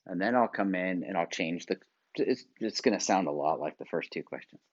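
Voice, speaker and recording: A man from the United States giving a motivational video talk, coaching viewers through exercises with direct instructions, shifting from loud emphasis to quiet asides. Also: low voice, animated, fairly quick, slight background noise. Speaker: workshop presenter. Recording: dull lo-fi sound.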